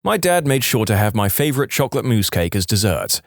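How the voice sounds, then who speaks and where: A man reading submitted stories aloud in an animated storytelling manner on a close studio mic. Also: fairly low pitch, a little fast, vocal fry, no room sound. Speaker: story narrator.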